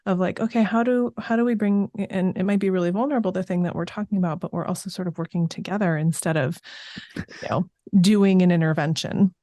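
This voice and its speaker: Woman host, therapist, engaged and collaborative, lowish warm voice, dry close mic. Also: steady tone, no room sound. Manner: engaged, collaborative, quick affirmations. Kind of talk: casual interview conversation.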